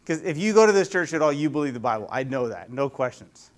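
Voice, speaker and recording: A man with a high voice gives a relaxed, chatty sermon as a youth pastor. He keeps turning to the congregation with questions, speaking from a church. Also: fast talker. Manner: conversational, asks the audience many questions.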